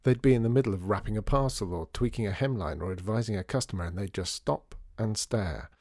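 A man narrating a storybook in a measured, gently wry way. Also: fairly low pitch, dry recording, clean studio sound. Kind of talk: storybook reading.

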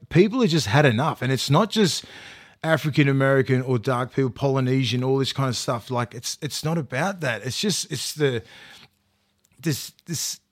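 A podcast co-host's medium-pitched voice comes through in a studio-quality recording without echo. He tells stories in relaxed chat, peppered with swearing, false starts and acted-out quotes.

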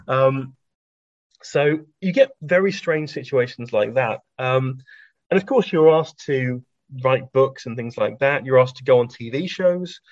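A man telling anecdotes in a relaxed interview, chatty, full of ums and restarts, laughing at his own stories. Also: mid-range voice, moderate pace, no echo. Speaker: science author and guest. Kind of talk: anecdotal conversational storytelling. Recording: dry, slightly dull lo-fi recording.

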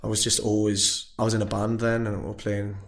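A man's voice: on the low side, level tone, fairly quick. Casual male guest, twenties, sweary storyteller. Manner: rambling, sweary, laughs often, acts out voices. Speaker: musician guest. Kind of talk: casual chat.

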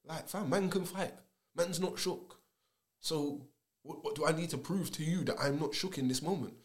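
A young man, talking in an animated, slangy, emphatic way in casual podcast chat. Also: fairly high pitch, moderate pace.

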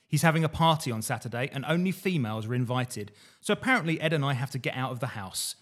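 A man co-hosting a casual podcast, reading old diary entries aloud in a dry, deadpan way with the odd swear. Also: medium pitch, quick pace.

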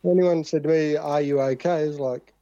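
A man's voice: a little high, steady tone, normal speed, warm tone. An Australian man, a podcast guest, chatting laconically with dry humour. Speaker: podcast guest, former radio host. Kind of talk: casual podcast chat. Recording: dull lo-fi sound.

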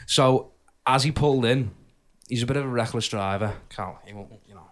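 A man's voice: mid-range voice, brisk. A man, co-hosting a podcast and telling a story through casual, laughing banter with friends. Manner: animated storytelling with lots of laughing and impressions. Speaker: podcast co-host.

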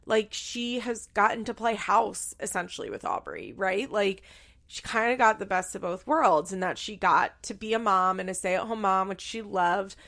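A young woman casually recapping a reality show, gossipy and quick to laugh, acting out what people said. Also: medium pitch, lively intonation, vocal fry, fairly bright tone. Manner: gossipy, acts out quotes with laughs. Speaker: recap commentator.

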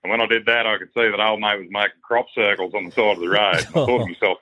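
A man's voice: fairly low pitch, steady tone, fast talker, sharp tone. An Australian man telling a colourful, crude yarn in a voice message to a podcast. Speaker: caller. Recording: dull lo-fi voice message.

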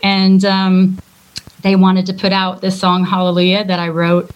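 Chatty woman, casual storytelling, self-deprecating, quick laughs. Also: on the low side, monotone, highs cut off. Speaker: guest singer and former worship leader.

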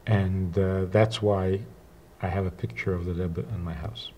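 A man telling a personal story, acting out the dialogue with halting restarts. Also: low-pitched, slight background noise. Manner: animated retelling with quoted dialogue. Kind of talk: spoken anecdote.

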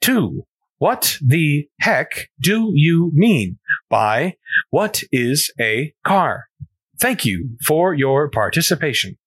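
A man doing a slow, snarky robot boy. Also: on the high side, big pitch swings, breathy edge, no room sound, exaggerated voice. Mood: formal. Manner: slow, formal, telemarketer-like delivery. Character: snarky newborn male robot, stiffly polite.

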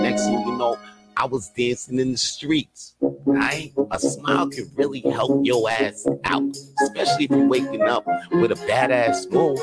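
Slangy, hyped-up male podcast host over loud music. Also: medium pitch, normal speed, gravelly. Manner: slangy, profane, hype motivational talk. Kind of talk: casual live podcast monologue.

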